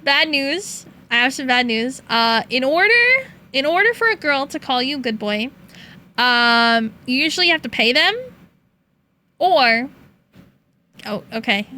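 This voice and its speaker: A young woman streamer with a high, bright voice talks to her viewers at an unhurried pace. She is playful and teasing, laughing often and slipping into high-pitched meows. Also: expressive. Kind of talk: casual chat with chat.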